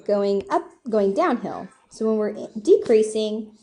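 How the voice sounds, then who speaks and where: A woman's voice: mid-range voice, expressive, measured pace, mellow. A young woman giving a casual, chatty whiteboard math lesson, often checking in with "okay?" and joking about her drawings. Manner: chatty, self-deprecating, asks "okay?" often. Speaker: math teacher.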